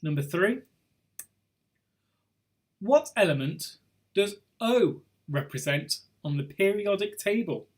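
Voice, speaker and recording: A young man hosts a pub quiz, reading questions and drifting into rambling asides with little chuckles. His voice sits a touch higher than most men's. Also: expressive, takes it slowly, long pauses. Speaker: quiz host. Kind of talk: live online pub quiz hosting.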